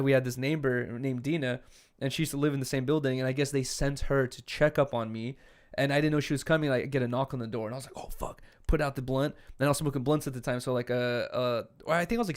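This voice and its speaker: A young man from California co-hosting a podcast, telling laid-back, profane stories in casual chat and acting out what people said. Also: mid-range voice. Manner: laid-back storytelling, profane, acts out quotes. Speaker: podcast co-host.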